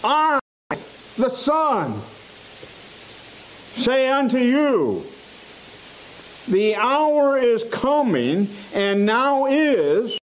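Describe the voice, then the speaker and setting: A man preaching a sermon in a church, slow and emphatic, repeating phrases for stress. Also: very high voice, very animated, a little hiss or hum, low-quality recording.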